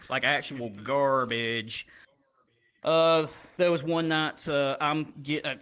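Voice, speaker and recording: A man's voice: medium pitch, fairly bright tone, rough recording. A man, telling crude, profane stories as a stand-up comedian on a livestream.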